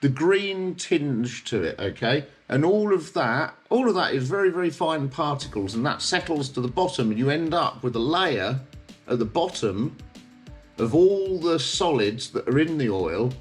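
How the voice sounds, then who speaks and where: A man's voice: fairly high pitch, expressive, normal speed, soft background music. A man with a British accent hosting a casual explainer, talking in a chatty way and often checking in with the listener. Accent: British English. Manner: chatty, checks in with tag questions like okay and yeah. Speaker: host.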